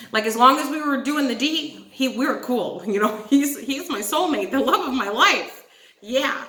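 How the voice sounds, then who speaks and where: A woman's voice: on the high side, sharp tone. A young woman hosting a casual storytime vlog, talking animatedly, swearing and calling her viewers guys. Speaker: channel host telling a story. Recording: echoey room.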